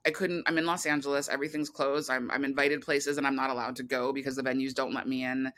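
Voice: medium pitch, level tone, quick pace, a bit bright. A filmmaker talking as a guest in an interview, rambling with many fillers and restarts. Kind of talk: casual interview talk.

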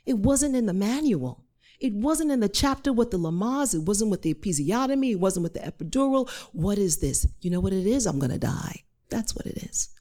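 A woman's voice: mid-range voice, expressive, fairly quick, dark tone. A woman telling a personal story in a dramatic, emphatic way, with lots of repetition.

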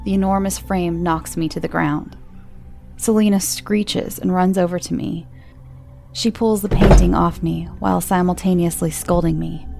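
A woman with a low, gravelly voice narrates a first-person horror story in hushed, tense tones, at a normal pace and with fairly even intonation. Soft music plays faintly underneath.

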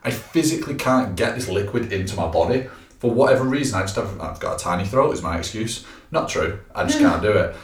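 A man's voice: lowish voice, animated, brisk. A man, a personal trainer co-hosting a podcast, chatting casually and explaining tips, with lots of fillers. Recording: echoey room, a bit far from the mic.

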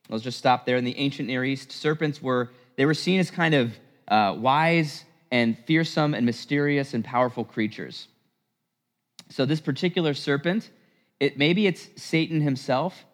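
A man preaching a sermon in a church, animated and emphatic, with rhetorical questions. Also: medium pitch. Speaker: priest preaching. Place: church sanctuary. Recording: long church reverb.

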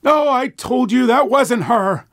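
A man's voice: very high voice, animated, slow, gravelly, voice pushed up, heavily acted. A man voicing a gleeful, hard-of-hearing old man who belts out his lines in a spooky story. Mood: scolding. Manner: belting, loud.

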